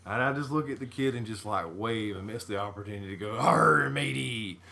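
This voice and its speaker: A man's voice: lowish voice, steady tone, fast, a bit bright. A man, co-hosting a casual podcast chat, telling stories animatedly and laughing mid-sentence. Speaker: podcast co-host.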